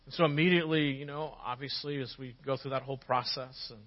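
A man in his forties preaching a sermon as a pastor, telling personal stories and acting out quotes with lively shifts. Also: mid-range voice, quick pace, highs cut off. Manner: storytelling with lively acted quotes.

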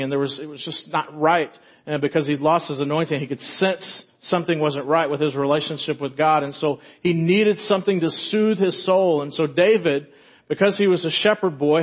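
High-voiced man preaching a jokey sermon. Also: lo-fi sound. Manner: casual, joking retelling. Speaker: pastor. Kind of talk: sermon with storytelling. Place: church.

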